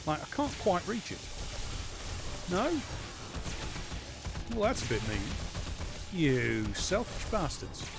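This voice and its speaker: A man streaming a game live, chatting to his viewers, swearing freely and swinging between calm muttering and loud excitement. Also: sits high, slow pace, pauses often, music in the background. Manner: excitable, swears often, chats to viewers while playing. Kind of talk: live gameplay commentary.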